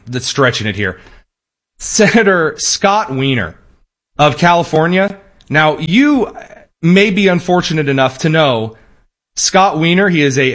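A man's voice: fairly high pitch, a bit bright. A man hosting a show, delivering a sarcastic, opinionated political monologue with frequent restarts. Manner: sarcastic, mocking, rambling with restarts. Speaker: political commentary host.

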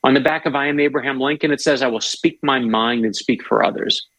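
Enthusiastic man with a gravelly voice. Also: medium pitch, brisk, a bit bright, no room sound, rough recording. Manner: enthusiastic, storytelling, restarts often. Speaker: author guest. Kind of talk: casual interview chat.

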